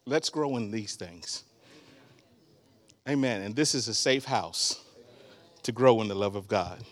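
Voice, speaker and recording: A man in his sixties preaching a sermon as a guest, animated, breaking into laughter and shouts. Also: on the low side, unhurried.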